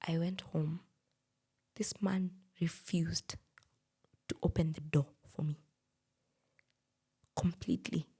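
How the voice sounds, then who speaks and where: A young Kenyan woman co-hosting a podcast, recounting a personal story in a hushed, breathy way. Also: fairly low pitch, fairly even intonation, takes it slowly, long pauses. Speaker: podcast co-host.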